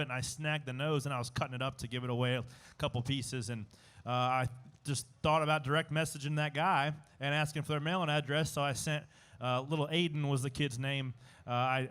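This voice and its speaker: A young man with a fairly high voice, talking loosely in a casual interview. He rambles, restarts his sentences and drops in filler words as he tells a story. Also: fairly bright tone. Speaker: race car driver guest. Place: outdoor live show stage at a racetrack.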